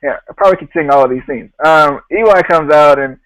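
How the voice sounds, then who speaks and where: A man hosts a casual podcast recap, retelling what people said in a loose, joking way. His voice sits a little high. The sound is dry and close, with no room around it. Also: fast, fairly bright tone, no room sound, low-quality recording. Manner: laughs often, quotes others in a loose retelling. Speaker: podcast host.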